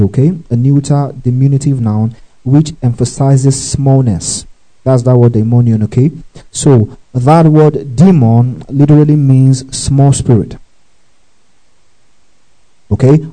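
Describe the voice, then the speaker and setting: A man's voice: medium pitch, mellow, low-quality recording. A man preaching a teaching sermon who checks in often with his listeners and spells out words letter by letter. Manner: checks in often with "okay?" and "right?".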